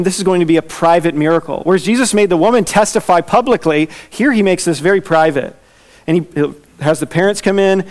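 A man preaching an expository sermon, earnest, slowing down and softening as he reads scripture aloud. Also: on the high side. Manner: earnest, slows down and softens when reading scripture. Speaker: pastor.

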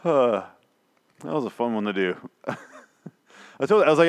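A hoarse man chatting casually as a podcast co-host, with a lively, swooping voice. He swears freely and riffs with easy laughter. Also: medium pitch, normal speed, long pauses. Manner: profane, laughing, riffing. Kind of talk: casual chat.

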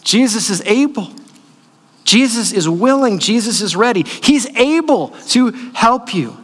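A man's voice: high voice, lively intonation, measured pace, fairly bright tone, breathy edge, big-room sound. A middle-aged man, the lead pastor, preaching a sermon in a conversational way, asking the congregation questions and answering them himself. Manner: conversational storytelling with fillers.

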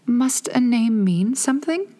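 A woman reading a storybook aloud, raising her voice to play a polite, gentle young girl. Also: animated, a little slow. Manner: polite, gentle, bright and higher.

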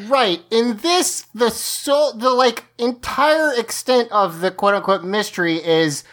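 A woman's voice: a little high, slow, a bit bright. A woman co-hosting a podcast, casually recapping an episode, chatty and often laughing. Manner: chatty, laughs often, restarts lines while explaining. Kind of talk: casual chat.

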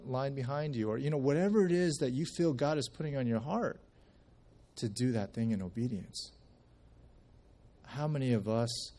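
A man's voice: mid-range voice, mellow. A man giving a casual church testimony, telling a story in a conversational way with many restarts and acting out the quoted speech. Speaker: church member sharing at a service.

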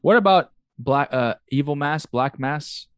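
A man co-hosting a podcast in casual chat, easygoing and animated when he tells a story. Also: a little high, a little slow, clear, resonant tone, no echo, studio quality. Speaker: podcast co-host.

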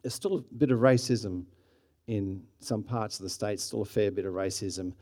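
A man's voice: fairly low pitch, moderate pace, darkish tone. A middle-aged man with an Australian accent, preaching a sermon in a conversational, storytelling way that rises in energy at times. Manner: conversational, with frequent restarts and rising bursts of energy. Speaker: pastor.

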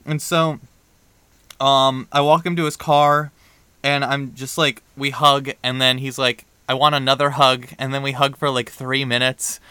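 A young man co-hosting a podcast, telling a story in a casual, animated way and acting out the dialogue. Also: medium pitch, measured pace, smooth, no room sound. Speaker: podcast co-host.

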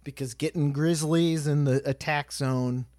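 A man chatting casually on a podcast, animated and swearing freely. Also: fairly high pitch, unhurried, no room sound, studio quality. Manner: animated, swearing, quoting people in put-on voices.

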